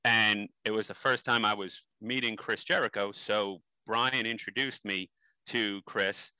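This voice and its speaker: A man's voice: on the low side, fairly even intonation, measured pace, bright, forceful tone, smooth, dry recording, rough recording. A man being interviewed, telling stories animatedly with many ums and restarts. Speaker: interview guest. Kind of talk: casual interview storytelling.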